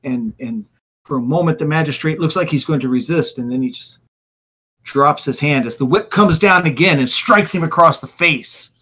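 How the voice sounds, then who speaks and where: A man's voice: a little high, moderate pace, sharp tone, slightly rough. A man narrating as game master, vividly describing scenes with occasional fillers.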